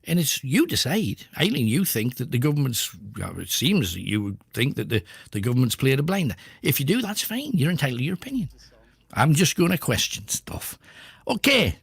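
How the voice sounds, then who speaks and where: A man's voice: medium pitch, sing-song, brisk, gravelly, breathy edge, no echo. A man hosting a radio show speaks in a rambling, questioning monologue full of emphatic opinions. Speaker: radio host.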